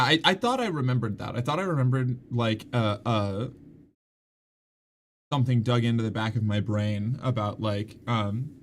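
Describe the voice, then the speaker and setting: Casting: male streamer, mid pitch, rambling and self-interrupting, light background noise. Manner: rambling, self-interrupting, laughs at own jokes. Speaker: streamer reading chat. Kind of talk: casual live-stream chat.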